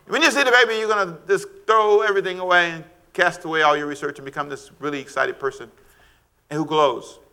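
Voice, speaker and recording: High, bright-voiced preaching man. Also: brisk, smooth. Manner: animated, shouting preacher with call-and-response. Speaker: pastor. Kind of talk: sermon.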